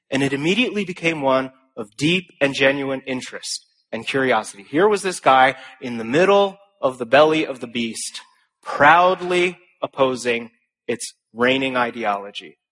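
Bright-voiced young man giving a speech. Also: fairly high pitch. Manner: earnest and humorous storytelling; emphatic rhetorical phrasing. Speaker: speaker. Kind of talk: speech to an audience.

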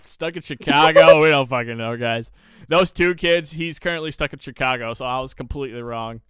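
A young adult man co-hosting a podcast, telling a story in a rambling, profane, animated way. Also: medium pitch, a little fast, clear, resonant tone, no echo, clean studio sound. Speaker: podcast co-host. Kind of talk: casual chat, storytelling.

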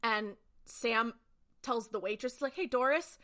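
A young woman co-hosting a podcast, retelling a TV episode in a quick, lively way and acting out the characters' lines. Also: fairly high pitch. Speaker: podcast co-host. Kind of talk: casual recap chat.

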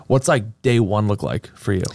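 A man hosting a podcast, asking questions in casual chat, throwing in quick jokes and short replies. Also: on the low side, expressive, gravelly, a little mellow, no room sound. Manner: jokey, quick backchannel replies. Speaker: podcast host.

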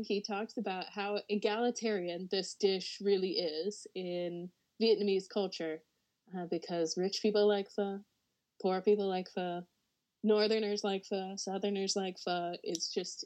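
A woman's voice: mid-range voice, steady tone, unhurried, darkish tone, rough recording. A woman hosting a podcast, from the United States, talking casually with frequent laughs and fillers. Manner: chatty, laughs often, frequent "like". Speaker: podcast co-host presenting a topic.

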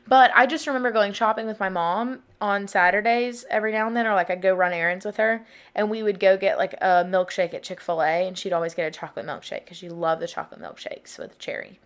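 A woman's voice: medium pitch, steady tone, quick pace, hardly any pauses. Rambling young woman podcaster. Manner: rambling, many "like" fillers, open and emotional. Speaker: podcast host. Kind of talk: casual confessional chat.

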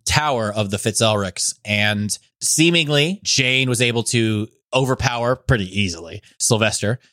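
A man's voice: medium pitch, normal speed, bright, forceful tone, no room sound, studio quality. A man narrating as game master of a tabletop game, casual and rambling with many fillers.

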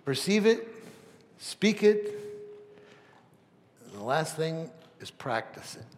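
A man preaching a sermon as pastor, swinging from loud emphatic peaks to soft near-whispers, with rhetorical questions and stammered restarts. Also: fairly high pitch, very animated, slow pace, a little hiss or hum. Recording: long reverb of a large hall.

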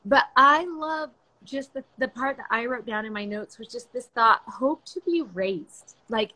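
An older woman hosts a faith-based conversation, speaking in an earnest and reflective way. Her voice sits a little high, and she pauses often with fillers as she gathers her thoughts. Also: sharp tone, low-quality recording. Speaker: podcast host.

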